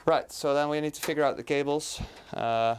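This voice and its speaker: Male stream co-host thinking aloud mid-task, halting and filler-heavy, faint hiss. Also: fairly high pitch, steady tone. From Europe. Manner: hesitant, full of fillers, talks while working with his hands. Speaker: livestream co-host building a PC on camera. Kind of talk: casual livestream chat.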